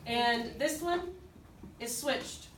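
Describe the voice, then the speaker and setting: A woman's voice: fairly high pitch, very slow, fairly bright tone. A woman teaching a class, patiently repeating things and sounding out syllable stress. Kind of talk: classroom instruction. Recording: echoey classroom, voice from far off, background noise.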